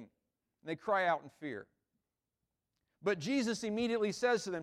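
A man's voice: high-pitched, big pitch swings, normal speed, a bit bright. A man, a pastor, giving a conversational sermon in an informal way, repeating words and checking in with the listeners.

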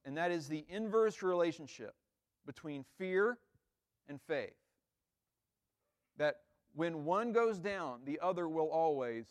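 A man preaching a sermon in a conversational way, often checking in with "right?" and acting out quoted lines. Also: fairly high pitch. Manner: acts out the disciples' lines with rising emphasis. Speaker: pastor.

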